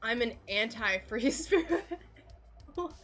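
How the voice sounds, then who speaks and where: Giggly American woman streamer, slow talk. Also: on the high side, lively intonation, fairly bright tone, soft background music. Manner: giggly, chatty, many fillers. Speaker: stained glass livestreamer. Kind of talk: casual chat while crafting on a livestream.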